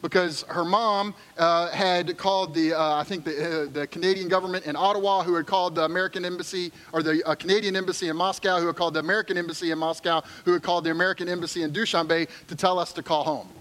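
A man's voice: high-pitched, steady tone, fast talker, few pauses, a bit bright, rough recording. A middle-aged man preaching a sermon as pastor, conversational and joking, then earnest.

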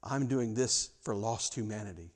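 A man voicing a solemn, resolute male teacher in a sermon, speaking in a hushed, grave way. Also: fairly low pitch, moderate pace, voice pushed down, natural voice.

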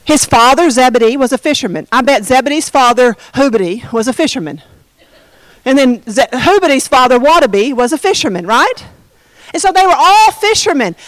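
A woman's voice: sits high, dry recording, poor audio. A woman leading an informal Bible study, chatty and jokey, often breaking off mid-sentence. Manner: chatty, self-interrupting, jokey asides.

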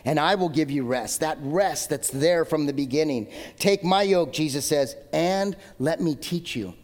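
A male pastor in his thirties preaching a sermon in a conversational, joking way, swinging between loud emphatic lines and low asides. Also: a little slow. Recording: long hall reverb.

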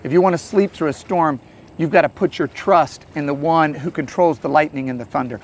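A man's voice: fairly high pitch, a little fast, a little hiss or hum. Earnest man preaching outdoors by a lake. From St. Louis area. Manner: earnest, storytelling, shifts between loud and soft. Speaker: pastor. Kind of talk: outdoor devotional sermon.

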